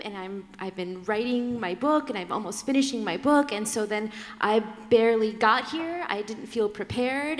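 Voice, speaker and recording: A woman speaking candidly on a conference panel, animated and quick to laugh, slipping into different voices as she tells her story. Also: on the high side. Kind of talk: candid personal talk on a panel. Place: large conference hall. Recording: long reverb of a large hall.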